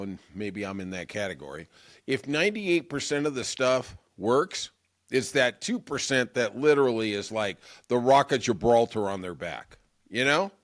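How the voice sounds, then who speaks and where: Rambling, self-mocking male podcast host. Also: medium pitch. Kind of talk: casual comic monologue.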